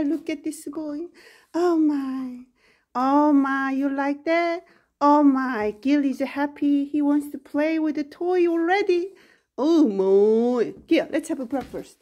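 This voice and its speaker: Woman w/ baby-talking her dogs, way high pitched, drawn out and slow. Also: darkish tone, dull audio. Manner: gushing, sing-song cooing at dogs. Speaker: pet owner vlogger. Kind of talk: baby-talk to pets.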